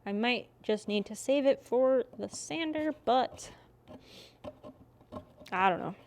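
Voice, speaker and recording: A woman's voice: on the high side, lively intonation, takes it slowly, slight background noise. Young woman, streamer, casual and chatty, swears freely, talks while working.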